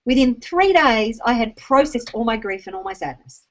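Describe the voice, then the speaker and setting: A woman's voice: a little high, big pitch swings, moderate pace, hardly any pauses, dull audio. An Australian woman telling a personal story to an online audience, emotional and teary, with frequent ums and restarts. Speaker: speaker addressing an online audience. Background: rain.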